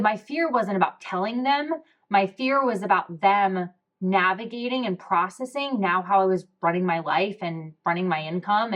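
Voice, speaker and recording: Frank, expressive woman telling her story. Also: mid-range voice. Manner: frank and expressive, swears freely, quick asides. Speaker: podcast host. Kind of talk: candid personal storytelling.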